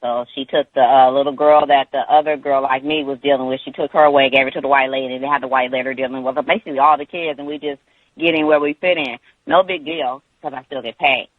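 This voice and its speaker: A man calling in to a radio show, telling a long personal story in a rambling way with many pauses and restarts. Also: medium pitch, steady tone, no echo. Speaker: caller. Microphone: phone. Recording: tinny phone line.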